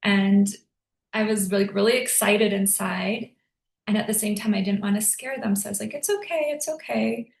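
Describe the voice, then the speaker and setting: A woman hosting a podcast, telling a personal story in an earnest, emotional way, lifting into a higher soft voice when she quotes herself. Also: flat delivery, moderate pace, creaky. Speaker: podcast host. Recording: echoey room.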